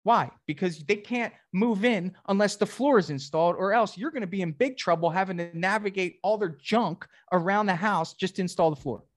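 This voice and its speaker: A man's voice: sits high, a little fast, hardly any pauses, dry recording, studio quality. A man coaching a salesperson one-on-one, direct and emphatic, often acting out customer conversations.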